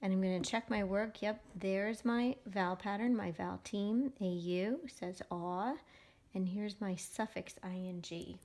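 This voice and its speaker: Woman, teacher, phonics lesson for kids, slow, patient, sounds out syllables, middle-aged. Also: mid-range voice, darkish tone.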